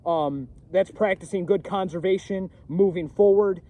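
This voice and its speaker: A man, a first-time trapper, talking casually outdoors on a frozen pond in a halting way, full of fillers and restarts, into a camera set on a pack basket a few feet away. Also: high voice, highs cut off. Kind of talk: casual outdoor vlog talk.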